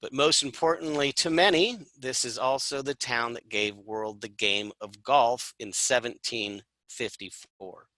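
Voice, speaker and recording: Speaking unhurriedly and with few pauses, a man gives an informal travel presentation as a tour presenter, loosely going over an itinerary with asides and fillers. His voice is strikingly bright at a middling pitch, captured in a rough, dry recording with no room around it.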